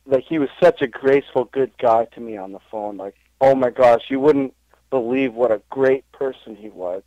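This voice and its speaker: A man in a casual podcast interview, rambling and correcting himself as he tells stories. His voice sits at an ordinary middle pitch. The sound is dry and close to the mic. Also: no room sound, muffled recording. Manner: rambling storytelling, full of fillers and self-corrections. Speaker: interview guest, wrestling impressionist.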